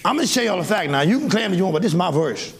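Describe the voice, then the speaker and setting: Male pastor, high lively voice, folksy and exuberant, live sermon with congregation audible. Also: racing, vocal fry. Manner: exuberant preaching, bursts into shouts and laughter; folksy, talks directly to congregation members. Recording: live church with crowd audible.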